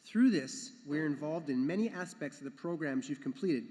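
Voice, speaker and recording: As education council chair, a man gives a ceremony speech at a graduation in a large hall, recorded with long reverb. His fairly high, mellow voice is animated and moderately paced, earnest and sometimes repeating itself.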